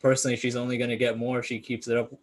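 A man's voice: mid-range voice, monotone, very fast. Chill guy on a podcast, mid voice, slangy and cursing a lot. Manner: laid-back, slangy and profane. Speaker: podcast co-host. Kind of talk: casual sneaker podcast chat.

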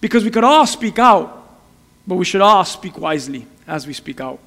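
A man's voice: sits high, expressive, moderate pace, fairly bright tone, big-room sound. A man preaching an earnest sermon, often repeating and restarting his words. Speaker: pastor.

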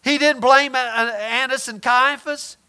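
A man preaching a sermon, emphatic, swinging between loud declarations and hushed asides, acting out the people in his stories. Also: extremely high pitch, steady tone, a little slow, clean tone. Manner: acts out quoted voices in retelling.

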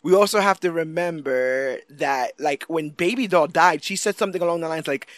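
A man co-hosting a casual chat about a TV series, animated and quick to act out lines from it. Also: a little high, dry recording, studio quality. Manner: animated, acts out quotes in lively voices. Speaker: podcast co-host.

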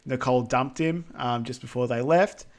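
Male podcast co-host, mid-pitched, rambling casual recap full of fillers. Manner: rambling with many fillers and quick asides. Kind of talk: casual film recap chat.

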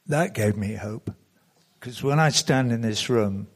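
Brief: man at a conference podium, loose storyteller, stops and restarts, mid-pitched. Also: slow. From England. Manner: rambling storytelling with self-corrections. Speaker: conference speaker. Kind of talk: anecdotal conference speech. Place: conference hall.

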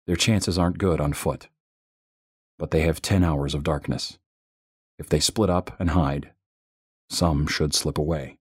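Man, extremely deep voice, husky, dry close recording, tense first-person horror narration. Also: darkish tone, no echo.

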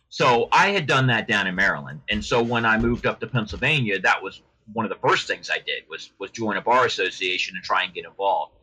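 A middle-aged male lawyer chats as a podcast guest, circling through stories with frequent restarts. His voice has a bright, forceful edge. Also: mid-range voice, poor audio. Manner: chatty, rambling with many restarts. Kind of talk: casual podcast interview.

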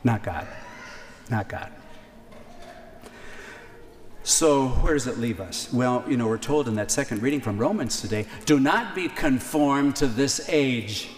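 A man preaching a sermon, conversational, with key lines repeated slowly for emphasis. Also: mid-range voice, animated, slight background noise. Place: church. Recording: reverberant church hall, faint ambience.

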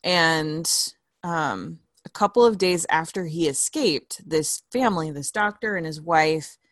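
Young co-host from southern California, easy laugh, lower pitch, dry room. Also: female voice, measured pace, no echo. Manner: laughs often, casual storytelling. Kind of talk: casual chat.

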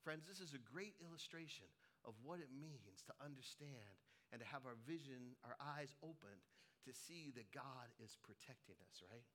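A middle-aged pastor from Colorado, United States, preaches a sermon in a medium-pitched voice at a moderate pace. He tells animated stories full of humor, acting out different voices.

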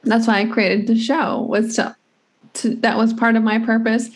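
A woman's voice: on the high side, little pitch movement, normal speed. A woman hosting a podcast in casual conversation, earnest and reflective, often restarting her sentences. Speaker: podcast host.

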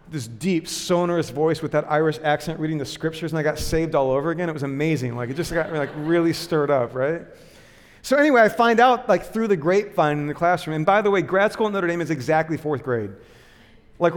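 A pastor tells stories from the pulpit in a loose, chatty manner, stumbling over restarts and laughing at himself. His voice sits a little high for a man. The sound carries a long church-hall reverb. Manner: conversational, self-deprecating, many fillers and restarts. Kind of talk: sermon with personal storytelling.

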